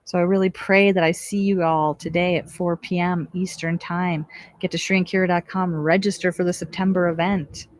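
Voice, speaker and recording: A woman's voice: lowish voice, dry recording. Earnest woman hosting spiritual radio. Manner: earnest, encouraging, asks many rhetorical questions. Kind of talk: inspirational spiritual talk.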